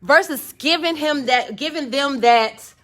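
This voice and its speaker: A young woman hosting a casual live chat, animated and laughing, acting out quotes in shifting voices. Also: high-pitched, unhurried. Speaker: host.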